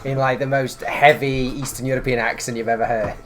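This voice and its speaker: A man playing a tabletop game, chatting casually and telling animated, joking stories. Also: mid-range voice, a little fast, background noise. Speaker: player.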